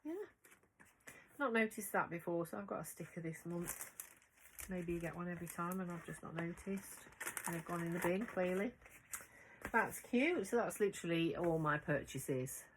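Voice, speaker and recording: A woman's voice: fairly low pitch, normal speed, a little hiss or hum, low-quality recording. Chatty woman sewing vlogger. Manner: chatty, rambling, bubbly and excitable. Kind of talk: casual chat to camera.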